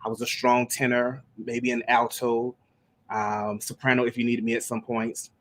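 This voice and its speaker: This worship leader and gospel singer speaks at a moderate pace in a medium-pitched, level, slightly bright voice. Chatting casually on a live stream, he tells meandering stories and keeps starting over.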